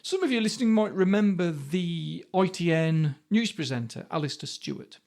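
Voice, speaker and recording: A man's voice: high voice, lively intonation, normal speed, darkish tone. A man in his fifties hosting a podcast, talking through ideas and asking rhetorical questions. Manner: conversational, asks rhetorical questions. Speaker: podcast host. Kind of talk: reflective podcast monologue.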